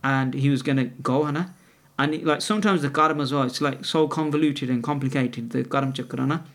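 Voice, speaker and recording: A man's voice: medium pitch, steady tone, fast talker, a bit bright. A middle-aged man, a podcast guest telling long rambling stories in casual talk, with many restarts and tag questions. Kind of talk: casual conversational storytelling.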